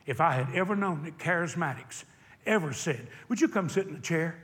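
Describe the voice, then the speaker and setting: An older man preaching a sermon, telling a personal story and swinging from hushed retelling to shouted exhortation. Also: on the high side, lively intonation, fairly quick, big-room sound.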